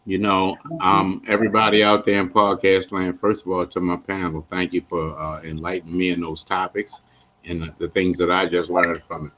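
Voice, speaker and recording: A man hosting a live podcast, talking in a playful, animated way with lots of asides to his listeners. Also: low-pitched, moderate pace, highs cut off, slight background noise. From West Baltimore, USA. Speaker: podcast host.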